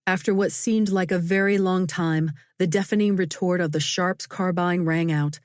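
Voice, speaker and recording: A woman audiobook narrator reads a novel in a measured, expressive way, her voice on the low side. The scripted narration has dry, close studio sound with no room sound.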